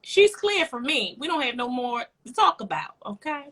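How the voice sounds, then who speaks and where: A woman co-hosting a podcast, telling a story in a casual, animated and profane way. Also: sits high, normal speed. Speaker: podcast co-host.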